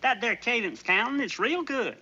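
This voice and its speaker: An actor, playing a naive, good-natured young country Marine recruit with a folksy, polite drawl, in a 1960s sitcom. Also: male voice, extremely high pitch, animated, moderate pace, pushed and bright, heavily acted. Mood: admiring. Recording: dull noisy old TV soundtrack.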